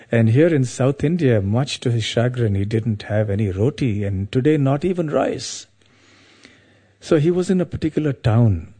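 Warm, husky man telling a devotional story. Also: medium pitch. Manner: meandering, anecdotal, frequent "you know".

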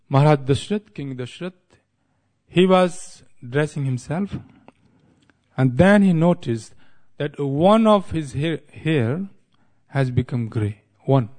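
A man's voice: mid-range voice, a little mellow. A man giving a devotional lecture, telling a sacred story in an easygoing way, restating and explaining as he goes and chuckling at his own wordplay. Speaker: spiritual speaker.

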